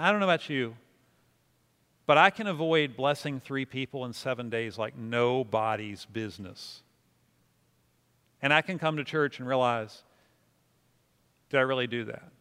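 Recorded in a hall with long reverb, a pastor with a medium-pitched, clean and fairly bright voice preaches to a congregation. He makes fun of himself while teaching prayer casually and conversationally, getting the room to echo his words back.

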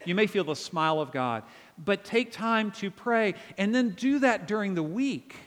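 In a church sanctuary with a long, echoing reverb, a male pastor preaches at normal speed in a high, animated voice. His sermon is earnest and conversational, sprinkled with asides to the congregation.

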